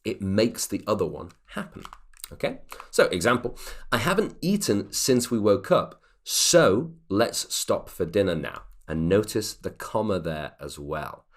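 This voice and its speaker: Lively male English teacher. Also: fairly low pitch, a little slow. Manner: explanatory, lively, reads example sentences aloud. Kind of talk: grammar lesson.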